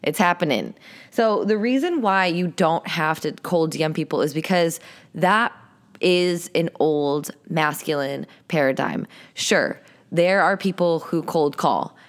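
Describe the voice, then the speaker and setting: A woman's voice: low-pitched, measured pace. A young adult woman hosting a solo podcast, chatting casually and coaching with an upbeat, playful tone. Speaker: podcast host and sales coach.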